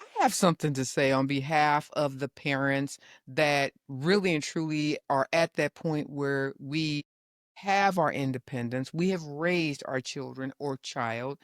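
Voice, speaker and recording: Middle-aged mom as guest; articulate, good-humored, mid-range voice, dry mic. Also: female voice, deep voice, unhurried, no room sound. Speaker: guest, host's mother. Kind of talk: casual chat.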